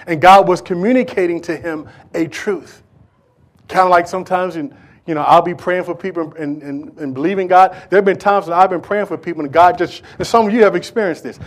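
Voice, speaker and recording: A man preaching a sermon in a folksy, conversational way, restarting phrases and speaking directly to the congregation. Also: high voice.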